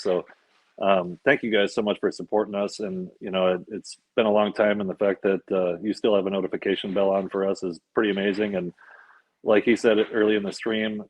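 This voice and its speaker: Niski, suchy głos współprowadzącego mężczyzny. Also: male voice, low voice, a little mellow, dry recording, poor audio. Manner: halting, many fillers and restarts. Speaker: co-host. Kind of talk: casual livestream chat.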